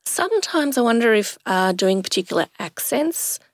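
A woman's voice: a little high, big pitch swings, normal speed, no room sound, studio quality. A woman hosting an interview, asking curious questions and sharing stories from recording narrators in the booth. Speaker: host and audiobook producer. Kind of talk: conversational interview.

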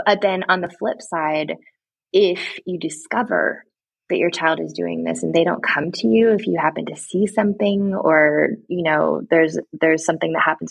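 A woman giving earnest, direct faith-based advice to parents, retelling a story with lively asides. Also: on the low side, vocal fry, husky, no echo. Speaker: guest speaking to parents.

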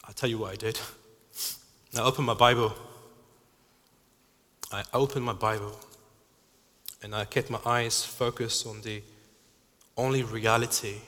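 Earnest and hesitant, a preacher works through his sermon with frequent restarts. His fairly low male voice is bright and forceful, and a long reverb from the hall lingers after it.

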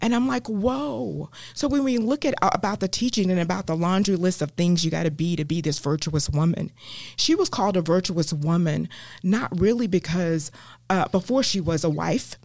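A woman with a Southern US accent, a guest teaching the Bible in an interview, earnest and animated with many ums and restarts. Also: fairly low pitch, a little fast, dry recording. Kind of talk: faith podcast interview.

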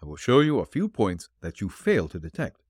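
Give me a shrewd, calm male detective, read by a man in a dry, deliberate way. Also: on the low side, husky, no room sound.

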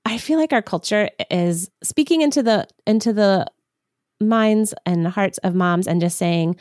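A woman's voice: medium pitch, a little slow, no room sound, clean studio sound. A woman hosting a Christian podcast, speaking in a sincere, reflective way. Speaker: podcast host.

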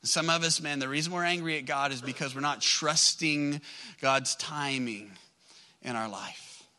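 Bright-voiced high-pitched male preacher. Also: moderate pace, low-quality recording. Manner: conversational preaching, rhetorical questions to the congregation. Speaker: pastor. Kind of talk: sermon.

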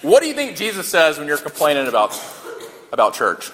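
A man's voice: fairly high pitch, wildly swooping pitch, a little fast, fairly bright tone. A man preaching a sermon in a conversational way, repeating key lines for emphasis and joking along the way. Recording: long hall reverb.

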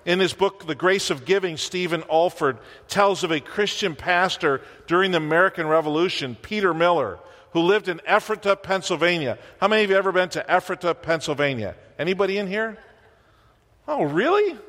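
A man's voice: high voice, expressive, brisk, fairly bright tone, big-room sound. A man preaching a sermon as pastor in a church, conversational, with wry asides and rhetorical questions.

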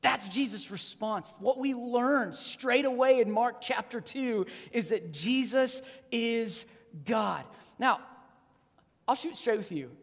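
A preacher in their thirties or forties gives a sermon, swinging between loud emphasis and hushed, low, weighty lines. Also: takes it slowly. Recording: long reverb of a large hall.

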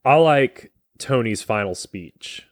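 A man co-hosting a casual podcast about a movie, talking in a rambling, halting way with restarts, sometimes getting emotional. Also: medium pitch, lively intonation, dry recording, clean studio sound. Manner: gets emotional in places. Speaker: podcast co-host.

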